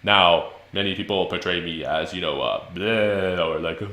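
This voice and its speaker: A man's voice: deep voice, moderate pace, sharp tone, echoey room. A man voicing a proud male worm adventurer who speaks pompously about himself. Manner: pompous, self-important.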